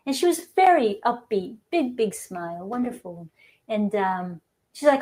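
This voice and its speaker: A woman hairdresser telling a personal story in an interview clip, animated, acting out the dialogue of the people in it. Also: medium pitch, measured pace.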